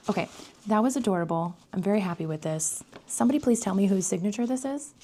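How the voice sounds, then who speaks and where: A woman vlogger giving casual unboxing commentary, excitable, gasping and often slipping into whispers. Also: mid-range voice, fast talker, a little hiss or hum.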